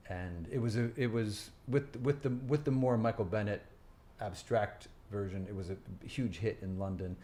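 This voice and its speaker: Low-voiced halting man. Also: mellow. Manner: halting, many restarts and fillers. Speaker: guest, Broadway actor. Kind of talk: casual interview chat.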